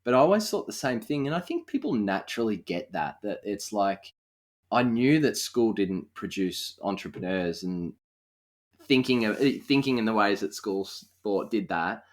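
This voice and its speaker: A man's voice: lowish voice, sing-song, normal speed. A young Australian man hosting a casual interview, musing aloud in a thoughtful, conversational way with frequent fillers. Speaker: podcast host.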